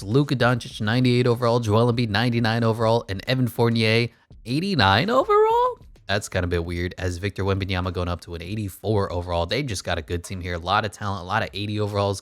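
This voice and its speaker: A man's voice: fairly low pitch, no room sound. A young man giving casual, joking play-by-play commentary on a basketball video game, rattling off player stats. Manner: jokey play-by-play with quick stat rundowns. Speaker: gaming YouTuber.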